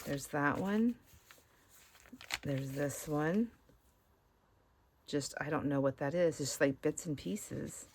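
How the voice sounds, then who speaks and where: A woman with a slightly low voice hosts a cozy show-and-share of thrift and estate sale finds. She chats in a loose, rambling way and drifts off topic easily. A faint noise sits under the recording. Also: slow, pauses often. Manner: rambling, easily sidetracked, chatty. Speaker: craft channel host. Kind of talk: casual show-and-share chat.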